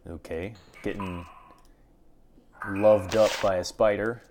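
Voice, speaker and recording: A man giving casual gameplay commentary with wry, deadpan asides. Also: on the low side, takes it slowly, noisy background. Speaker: let's play host.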